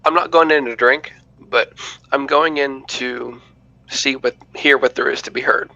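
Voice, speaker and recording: Gravelly, bright-toned tabletop player. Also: male voice, medium pitch, steady tone, unhurried, dry recording, highs cut off. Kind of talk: tabletop role-play chat.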